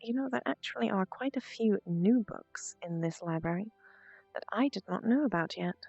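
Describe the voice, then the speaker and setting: A woman streamer chatting casually with her viewers, stuttering and muttering, with soft asides dropped under her breath. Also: mid-range voice, animated, moderate pace, vocal fry, husky, dry recording. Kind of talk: casual chat with stream viewers during VR role-play. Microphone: VR headset mic. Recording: dull lo-fi stream audio, faint music.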